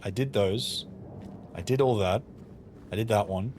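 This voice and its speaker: Low-leaning and darkish in tone, this man speaks at a measured pace with slight background noise. In a relaxed gaming stream he talks with viewers, reading and answering the chat, and mutters to himself in a playful way as he plays.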